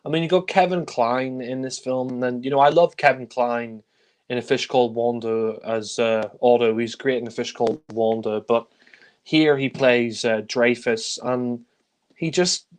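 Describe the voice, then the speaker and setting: Blunt man reviewing films, sighing. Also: medium pitch. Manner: blunt and critical, with frequent sighs and fillers. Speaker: film reviewer. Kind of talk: casual spoken film review.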